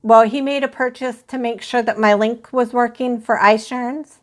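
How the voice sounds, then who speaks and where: A woman's voice: a little high, steady tone, normal speed. A woman hosting a crochet live stream, chatting casually and rambling as she talks to viewers in the chat. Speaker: crochet channel host.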